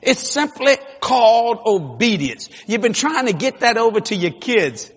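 A man preaching a sermon with jokes, swinging from low murmurs to loud shouts. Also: big pitch swings, unhurried, husky. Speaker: pastor. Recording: long hall reverb, faint ambience.

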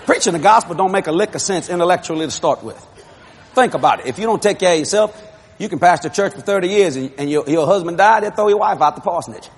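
Man, evangelist, storytelling sermon, shouting, lively high voice. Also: fast talker, slightly rough. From Louisiana, USA. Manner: animated and shouting, laughing through his stories. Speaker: television evangelist.

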